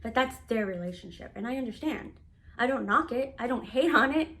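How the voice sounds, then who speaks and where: Speaking fairly quickly in a slightly high, bright, animated voice, a woman in her 30s opens up on her vlog about a family conflict, performing the quoted lines with energy. It's personal storytelling to camera, with a little hiss or hum in the audio.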